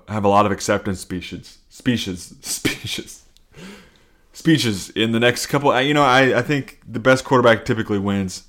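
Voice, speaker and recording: Casual male podcast host, low-leaning voice, sweary and self-deprecating. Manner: sweary, self-mocking, rambling with restarts. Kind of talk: casual rambling chat.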